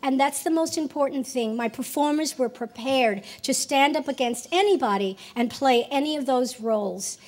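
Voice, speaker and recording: An older woman speaks from a convention stage with a high, bright voice. She talks earnestly and with animation, restarting phrases as she goes and slipping into quoted lines. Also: normal speed, few pauses. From United States. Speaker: keynote speaker. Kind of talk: convention keynote speech. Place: convention hall.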